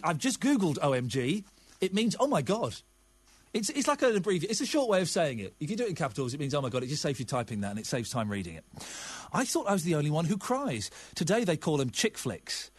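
Chatty, emotional English radio host. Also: male voice, on the high side, wildly swooping pitch, brisk, slightly rough, dry recording. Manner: emotional, chatty, reads texts aloud. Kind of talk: casual radio phone-in.

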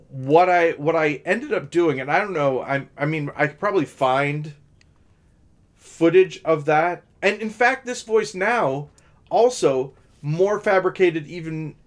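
A man co-hosting a podcast in casual chat, talking in a deliberately raised voice with many restarts. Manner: talks in many restarts and fillers, deliberately pitched-up voice. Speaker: podcast co-host.

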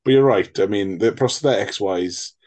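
A man's voice: lowish voice, normal speed, darkish tone. A man co-hosting a film podcast, rambling jokily through tangents and swearing freely in casual chat. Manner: rambling, jokey, swears freely, breaks into mock voices. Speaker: podcast co-host.

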